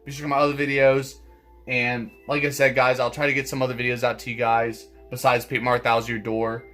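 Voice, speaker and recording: A man's voice: medium pitch, little pitch movement, quick pace, a bit bright, soft background music. A man commentating his own gameplay, swearing often and stammering through restarts. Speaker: gaming channel host. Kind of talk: let's play commentary.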